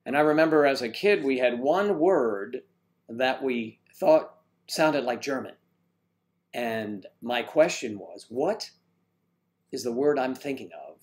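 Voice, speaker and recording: A man's voice: mid-range voice, expressive, slow pace. An older man hosting a casual livestream chat, reading viewer comments aloud in a jokey, teasing way. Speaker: livestream host.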